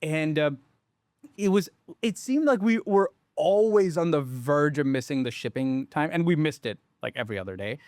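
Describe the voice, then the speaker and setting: A man founder telling a story in casual conversation, rambling and animated with lots of fillers, restarts and the odd swear. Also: a little high, normal speed, no echo, clean studio sound. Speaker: startup founder.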